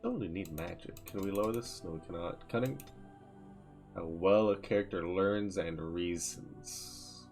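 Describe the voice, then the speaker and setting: Low, gravelly man musing over game menus. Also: measured pace, a little mellow, soft background music. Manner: muses aloud, reads out menu text. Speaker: streamer. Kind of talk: casual gameplay commentary.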